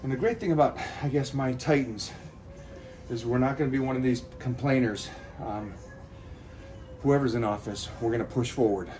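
A man's voice: mid-range voice, normal speed, a little mellow. Breathless man giving a pep talk. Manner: pep-talk, addresses viewers directly. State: out of breath from cardio. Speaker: fitness vlogger. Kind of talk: motivational vlog talk.

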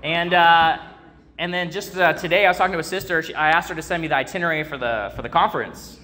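Young man, preacher, sermon with personal story, rambling with fillers, calls out to the crowd, slightly high, bright. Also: fast talker. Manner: rambling, many fillers and restarts; calls out to the congregation.

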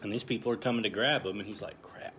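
A man in his thirties teaching a Bible passage in a relaxed, conversational way, joking at his own expense. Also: lowish voice, rapid-fire, slight background noise. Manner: conversational, self-deprecating, chuckles often. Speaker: Bible study leader. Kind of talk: casual Bible study teaching.

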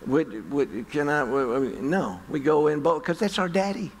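Man, middle-aged pastor, gravelly voice, folksy sermon storytelling, long church reverb. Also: a little high, moderate pace, slight background noise. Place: church sanctuary.

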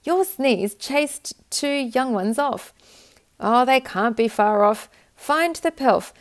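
Woman reading as a gruff robber. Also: a little high, slow, pitched above the performer's own voice. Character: scheming grown man robbers.

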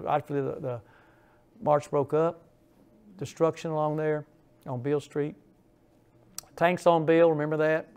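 An older man lectures on local history in a chatty, storytelling way, tossing in asides and questions to the audience. His voice sits a touch high and has a gravelly, creaky edge. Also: darkish tone. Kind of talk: informal history lecture with slides. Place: lecture hall.

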